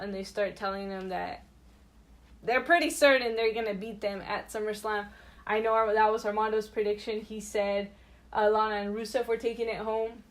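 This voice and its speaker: A woman co-hosting a podcast in casual chat, chatty and animated, with many fillers and restarts. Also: mid-range voice. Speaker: podcast co-host.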